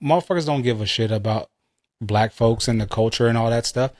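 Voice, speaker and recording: A man's voice: mid-range voice, a little fast, a little mellow, no room sound, clean studio sound. Profane, rambling male podcast co-host. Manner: loose, profane storytelling with tangents. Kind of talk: casual chat.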